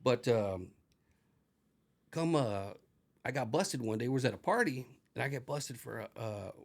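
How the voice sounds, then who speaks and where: A man's voice: medium pitch, lively intonation, moderate pace, vocal fry. A middle-aged man, a retired corrections officer, telling rambling, profane stories as an interview guest. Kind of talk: casual storytelling.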